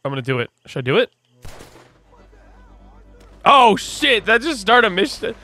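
A man hosting a let's play, commenting on the game in an excitable, joking way. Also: high voice, very fast, faint music behind. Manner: excitable, joking, often laughing. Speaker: gaming channel host.

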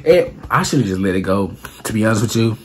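A man's voice: lowish voice, a little fast, slight background noise. A young man telling a story casually in slangy talk, acting out what people said. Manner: animated, slangy, acts out quotes with voice jumps. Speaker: storyteller vlogger.

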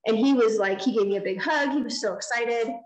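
A woman with a fairly high voice tells a story from a lecture stage. She speaks in an animated way and acts out each line of dialogue. The sound carries the echo of a large room. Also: brisk. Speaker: nonprofit founder giving a design lecture. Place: lecture hall.

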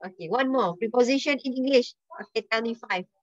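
A woman's voice: on the high side, a little fast, dry recording. A woman teacher with a Malaysian accent quizzing her students, slipping Malay words and "lah" into her English. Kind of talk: online language lesson. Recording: dull lo-fi dry voice.

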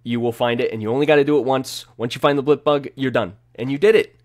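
A man's voice: medium pitch, fairly even intonation, fast. A man chatting as an interview guest, upbeat and rambling with lots of fillers and restarts. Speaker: guest streamer and shiny hunter. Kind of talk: casual interview chat.

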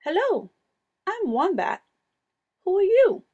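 A woman voicing a cheerful, playful little male wombat in a storybook reading, in an excited, chirpy way. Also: very high-pitched, takes it slowly, lo-fi sound, pitched above the performer's own voice, full character voice. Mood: eager.

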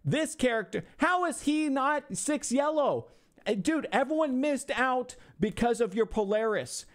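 On a livestream, a man with a very high, expressive voice and a measured pace delivers a mock-insulting review of a viewer's game roster. He rants with profanity and sarcasm, exasperated, and talks back to imagined hecklers.

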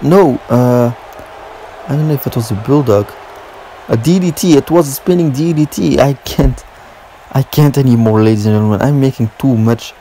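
A young man giving excitable play-by-play commentary on a wrestling video game, correcting himself as he goes and shouting at the big moves. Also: medium pitch, normal speed, a little hiss or hum, low-quality recording. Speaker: gaming commentator.

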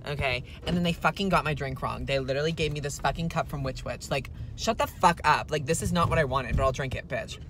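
A spoiled, entitled rich young woman, played by a man, vents in a whiny valley-girl drawl, packing every sentence with "like" and curses. The voice sits a little high and comes across sharp and bright. It is a comedic parody vlog recorded inside a car. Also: slight background noise.

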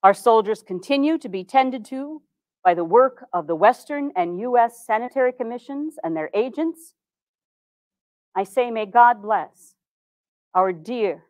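A woman's voice: mid-range voice, darkish tone, dry recording, lightly acted, poor audio. A woman playing a dignified 1860s woman reformer. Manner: formal, measured old-fashioned diction. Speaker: historical reenactor. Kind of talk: first-person historical monologue.

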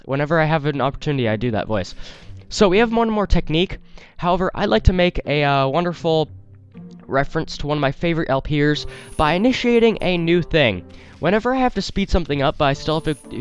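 Male gaming host, rambling and apologetic, voice on the high side. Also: smooth, highs cut off. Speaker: let's play host. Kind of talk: gameplay commentary. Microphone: desktop headset mic.

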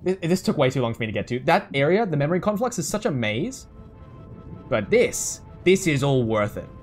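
English man, young adult, let's-play commentary, excitable, lively voice, slightly high. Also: a little fast, soft background music. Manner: excitable, laughs often, yells at the game. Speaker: gamer.

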